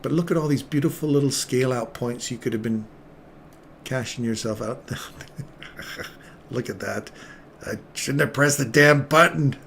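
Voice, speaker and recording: A middle-aged man giving excitable, self-mocking live commentary on his own trades as he makes them. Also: medium pitch, moderate pace, vocal fry, slight background noise.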